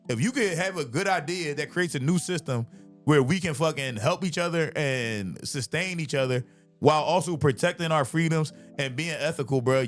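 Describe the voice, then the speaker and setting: Comic podcast host, male, high-pitched, animated, profane, laughing rant, faint music under. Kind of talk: casual comedic rant.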